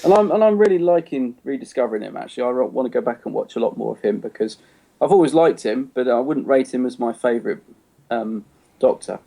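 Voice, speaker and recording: A man's voice: medium pitch, expressive, fast talker, gravelly, warm tone. A man co-hosting a podcast in casual chat, rambling a little and laughing often. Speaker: podcast co-host.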